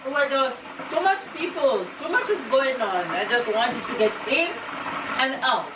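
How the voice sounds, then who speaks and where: A woman's voice: sits high, lively intonation, moderate pace, distant mic. Young Jamaican woman talking from the stove, away from the camera, in a roomy, noisy kitchen. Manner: chatty while cooking, laughs often. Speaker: vlog host cooking dinner. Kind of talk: casual family vlog chat. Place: home kitchen. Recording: echoey kitchen, voice off-mic, noisy.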